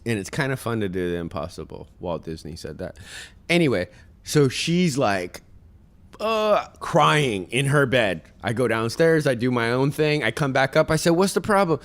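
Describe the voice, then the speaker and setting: A man speaks with a smooth, resonant voice at an ordinary middle pitch. He talks as a podcast guest, sharing parenting advice. His manner is earnest and motivational, and he speaks straight to the listeners. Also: big pitch swings, normal speed, a bit bright. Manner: tells stories and acts out other people's voices. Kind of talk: casual podcast chat.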